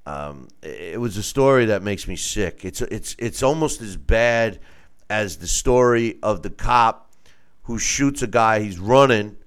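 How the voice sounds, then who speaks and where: A man with a smooth, clear voice tells a long story in casual conversation. He rambles, stumbles over repeated words, and acts out what other people said. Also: on the low side, expressive, measured pace. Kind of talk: casual call-in chat.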